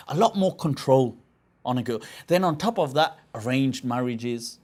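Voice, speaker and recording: A man's voice: medium pitch, unhurried, darkish tone. A man giving an informal religious lecture, talking conversationally with rhetorical questions and frequent restarts. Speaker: Islamic scholar lecturing.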